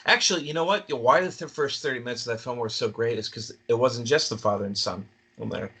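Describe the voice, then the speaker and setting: A man talking casually as a podcast guest, laughing often and breaking into animated impressions. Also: mid-range voice, fast, breathy edge. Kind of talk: casual chat.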